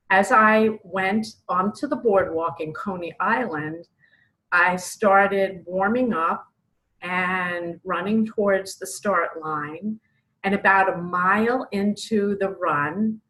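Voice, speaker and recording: A middle-aged author from Brooklyn, New York earnestly shares a personal faith testimony, acting out her own pleas. Her voice is on the low side with a fairly bright tone, and the audio is poor.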